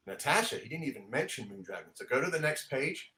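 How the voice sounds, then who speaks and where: A man hosting a casual comic book podcast, excitedly walking through the pages and laughing often. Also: mid-range voice, fast. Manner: excitable, laughing often, reads dialogue aloud. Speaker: comic book show host. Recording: echoey room.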